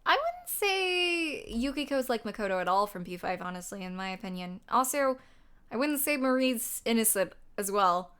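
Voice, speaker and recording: Young woman streamer, kinda high voice, rambly chat w lots of ums, gets loud and worked up fast. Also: clean tone. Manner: excitable, bursts into loud outcries and laughter; rambling, many fillers and self-corrections. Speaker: game streamer. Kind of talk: casual chat over a game stream.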